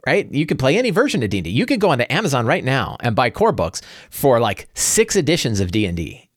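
A man's voice: medium pitch, no room sound, studio quality. A middle-aged man hosting a casual solo talk show, ranting and tagging lines with "right?". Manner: animated, peppers lines with "right?". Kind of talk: solo casual rant about tabletop games.

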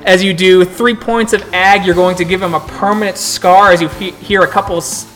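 A man with a somewhat high voice narrates a tabletop game as storyteller. He describes the action in graphic, blow-by-blow detail, and soft music plays in the background. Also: steady tone, normal speed. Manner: vivid, gory play-by-play narration.

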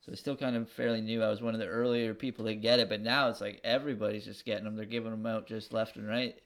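A man co-hosting a podcast in casual chat, his voice a bit crackly today, joking in a deadpan way. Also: on the low side, fast. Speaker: podcast co-host.

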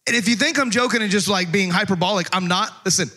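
A man's voice: sits high, fast, pushed and bright. A man from Texas, preaching a sermon in a joking, conversational way full of rhetorical questions. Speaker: pastor.

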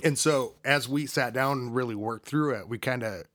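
A man co-hosting a casual gaming podcast from a home basement, talking hesitantly with frequent pauses and restarts. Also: mid-range voice, fairly bright tone, dry recording, studio quality. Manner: hesitant, full of ums and restarts. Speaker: podcast co-host. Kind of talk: casual chat.

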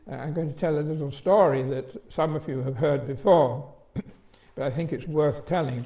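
A man delivering a sermon in a measured, deliberate way, telling a story to make his point. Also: on the high side. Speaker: preacher. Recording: dull lo-fi sermon recording.

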